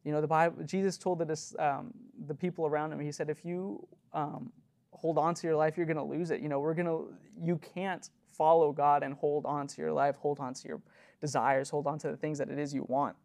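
A man's voice: a little high, flat delivery, fairly quick, gravelly, darkish tone. A young man giving an earnest, conversational sermon as a youth leader, full of fillers and short nervous laughs.

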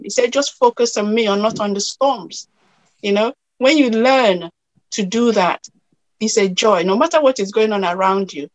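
A woman's voice: mid-range voice, no echo, poor audio. A woman minister, weeping as she speaks, encourages someone with repeated, prayerful phrases.

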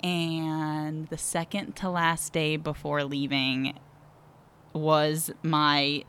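A woman's voice: low-pitched, fairly bright tone, clear, resonant tone. A woman guest on a podcast, telling a personal story frankly and vividly, holding nothing back.

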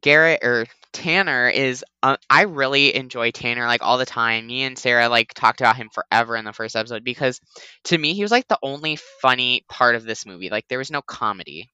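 A man's voice: mid-range voice, brisk, pushed and bright, clean tone, dry recording. A man hosting a podcast, chatting casually and rambling with lots of "like". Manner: rambling, heavy use of "like". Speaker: podcast host. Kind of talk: casual chat.

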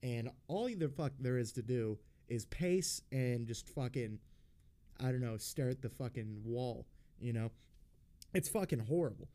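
A man hosting a podcast, telling a personal story in a casual, blunt and rambling way, swearing constantly and filling pauses with ums and uhs. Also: mid-range voice, lively intonation, warm tone. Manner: profane, blunt and rambling, with frequent fillers. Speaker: podcast host.

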